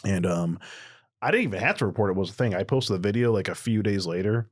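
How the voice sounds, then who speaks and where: A man's voice: expressive, fast, dry recording, studio quality. A man telling stories as a podcast guest in casual chat, with a voice others call cartoonish. He acts out the quotes as he tells them. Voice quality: high, cartoonish voice. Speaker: podcast guest, predator catcher. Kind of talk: casual storytelling.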